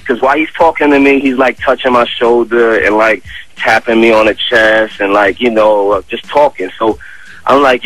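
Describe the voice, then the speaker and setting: A man with a New York accent, a guest on a radio show, telling a story in a casual, animated way full of slang and fillers. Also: mid-range voice, moderate pace, low-quality recording. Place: radio studio. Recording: dry radio studio.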